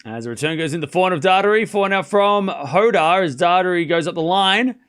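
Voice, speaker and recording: A man's voice: high-pitched, expressive, a little fast, a bit bright, clean tone. A young man casually calling a live tennis match for a stream audience, chatty and self-mocking, stumbling over player names. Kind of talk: casual play-by-play watchalong commentary.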